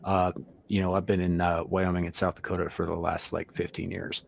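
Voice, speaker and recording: An American man in a casual chat, speaking in a calm, laid-back way. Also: sits low, brisk, creaky, background noise. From United States.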